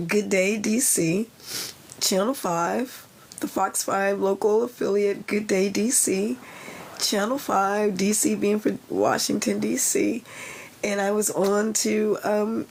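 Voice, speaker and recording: Creaky, husky middle-aged woman chatting live. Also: medium pitch. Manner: rambling, digressive and heartfelt. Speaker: yoga teacher and author. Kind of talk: casual live-stream chat. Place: lying in a sauna bag at home.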